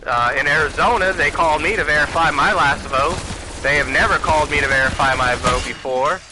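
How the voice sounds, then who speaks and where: A man's voice: a little high, brisk, noisy background. A man hosting his own channel, delivering a heated, profane political rant and addressing viewers directly as y'all. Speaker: channel host. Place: Arizona home.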